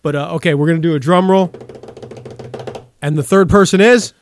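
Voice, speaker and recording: A man's voice: a little high, normal speed, slight background noise. A man hosting a casual podcast, joking and teasing his co-hosts and laughing often. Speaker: podcast host.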